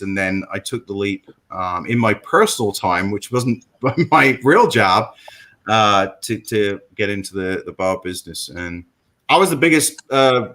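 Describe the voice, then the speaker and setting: Here a London-accented, middle-aged English man talks in a lowish voice with a bit of brightness, and the recording quality is poor. He's sharing his own story as a guest in casual conversation, meandering with plenty of fillers and false starts.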